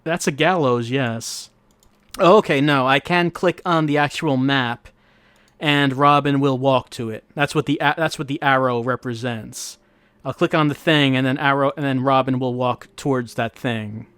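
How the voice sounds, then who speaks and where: A man's voice: mid-range voice, steady tone, normal speed, fairly bright tone, clear, resonant tone, no room sound. A man giving casual gameplay commentary as host, wry and musing, thinking aloud as he plays. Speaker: let's-play host. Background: faint game music.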